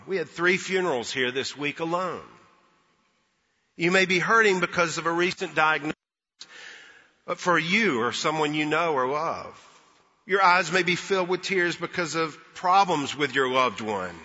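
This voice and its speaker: A man preaching in a church, his voice very bright and forceful, a touch higher than most. He tells the story earnestly and leans on pauses. The recording is dull and lo-fi, with a long hall reverb. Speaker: pastor. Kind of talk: Easter sermon. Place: church sanctuary.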